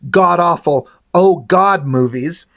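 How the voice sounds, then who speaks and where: A man's voice: fairly high pitch, slow pace, a bit bright. A man reading as a wisecracking superhero cop. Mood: joking, unbothered.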